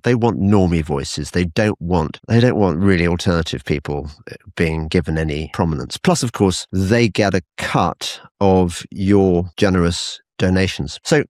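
Male podcast host, lowish voice, hesitant and stammering, dry close mic. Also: a little mellow, dry recording. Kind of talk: casual podcast chat.

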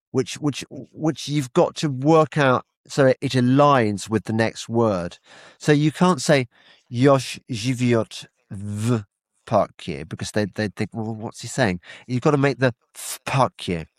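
A man's voice: medium pitch, no room sound. An older man hosting an interview in casual chat, often repeating words as he stammers and chuckles.

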